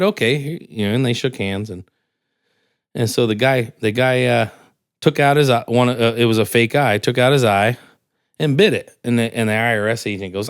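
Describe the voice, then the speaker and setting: A man's voice: moderate pace, clear, resonant tone. A young man from California, a podcast guest, telling a long joke and personal stories in casual chat, his voice leaping up when he quotes characters. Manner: animated, jumps high for quoted characters.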